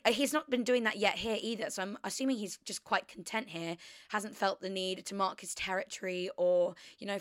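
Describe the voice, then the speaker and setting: A woman's voice: mid-range voice, fairly bright tone, dry recording, studio quality. A young woman, hosting a casual confessional chat, rambling and chatty with lots of fillers. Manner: rambling, chatty, heavy use of "like". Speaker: podcast host.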